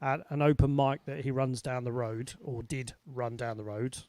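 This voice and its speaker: A man's voice: mid-range voice, steady tone, moderate pace, very noisy. A British man hosting a music show over a video call, chatting casually and greeting viewers. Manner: chatty, warm greetings to viewers, laughs easily. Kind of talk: casual livestream chat.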